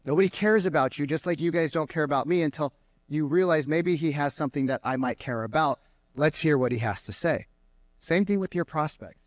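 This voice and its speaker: A man giving an energetic sales seminar to a live room, firing questions at the crowd. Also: fairly high pitch, fairly quick, dry recording. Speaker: sales trainer. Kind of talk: live seminar talk to an audience. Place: meeting room with an audience.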